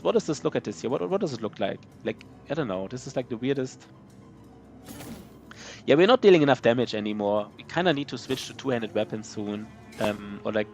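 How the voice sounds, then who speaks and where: A man streaming a strategy game live, answering his chat in a loose, rambling way with many fillers and restarts. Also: mid-range voice. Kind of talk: casual live-stream chat while gaming.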